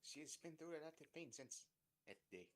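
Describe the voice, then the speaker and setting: A man's voice: a little high, lively intonation, brisk, voice pushed up, natural voice. Casting note: a protective young Latina woman, sprinkling Spanish into English, put on by a man reading a story. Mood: concerned. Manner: mixes Spanish words into English. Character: caring, fierce young Latina woman driver. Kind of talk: fan story read aloud with voices.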